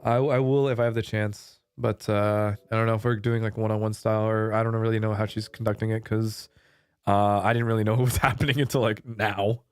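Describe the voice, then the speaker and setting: A man's voice: on the low side, level tone, brisk, clean tone, dry recording. A man streaming a casual chat, laid-back and swearing casually, with faint music behind him. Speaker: VTuber streamer.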